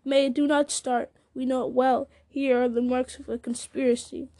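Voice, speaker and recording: A scornful herald of a dark lord, sneering and gloating at his enemies, as a woman reading a storybook puts him on. The voice sits fairly high with a soft, mellow tone. He mocks and taunts in archaic speech. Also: little pitch movement, normal speed. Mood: taunting. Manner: taunting, sneering, laughing at others.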